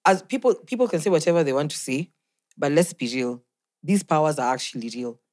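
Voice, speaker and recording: A woman's voice: deep voice, expressive, brisk, darkish tone. A Kenyan woman co-hosting a podcast, arguing her point in an earnest, insistent way. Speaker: podcast co-host. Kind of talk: casual chat.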